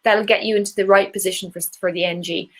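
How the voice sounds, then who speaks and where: A woman's voice: mid-range voice, fairly even intonation, fast talker. A woman with an Irish accent teaching an online singing workshop, encouraging and demonstrating vocal exercises. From Ireland.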